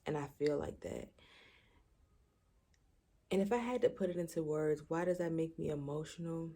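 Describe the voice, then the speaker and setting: Late at night before bed, a young woman vlogger talks casually into her camera mic in a low, dark voice at a moderate pace. She's reflective and emotional, sometimes close to tears, often hunting for words with lots of fillers and restarts.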